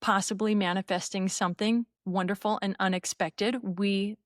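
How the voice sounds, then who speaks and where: A woman host speaks effusively and with heartfelt warmth, emotional and close to tears. Her voice sits at a mid pitch, recorded dry and close. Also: fairly even intonation, normal speed, no room sound. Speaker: podcast host. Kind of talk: interview chat.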